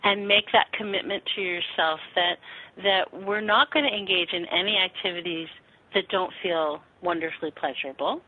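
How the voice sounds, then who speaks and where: A woman sexuality teacher answering interview questions frankly and warmly, acting out little quotes as she explains. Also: lowish voice, moderate pace. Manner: frank, animated, acts out quotes with laughs. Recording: tinny phone-line sound.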